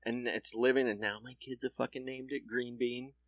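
A man's voice: mid-range voice, level tone, moderate pace, a loud crowd. Swearing man telling a story. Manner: swearing storyteller who acts out quoted voices. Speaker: podcast co-host. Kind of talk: casual comedic chat.

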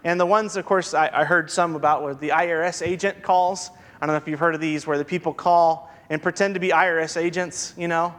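A man's voice: on the high side, steady tone, a little fast, hardly any pauses, fairly bright tone. A man preaching a sermon as a pastor, reading scripture and dropping wry asides. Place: church sanctuary. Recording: long reverb from a church hall.

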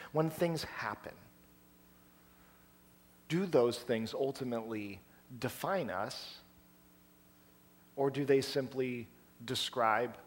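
A man preaching a sermon in a storytelling style, with animated delivery and acted-out quotes. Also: medium pitch. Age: adult, past college. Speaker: pastor.

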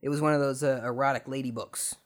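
A man's voice: medium pitch, fairly even intonation, fast. Young male podcast host with a sarcastic, swearing storyteller's rant that swings between mutters and outbursts.

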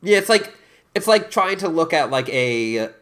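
A man's voice: on the high side, very animated, moderate pace, a bit bright. A man co-hosting a podcast, talking through a movie in casual chat, rambling with many fillers. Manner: hesitant, rambling, full of fillers. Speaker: podcast co-host.

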